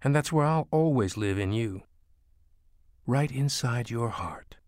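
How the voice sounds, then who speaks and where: A man voicing a gentle, ill young mother in a storybook reading, soft and soothing. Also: mid-range voice, animated, measured pace, no room sound, studio quality, lightly acted.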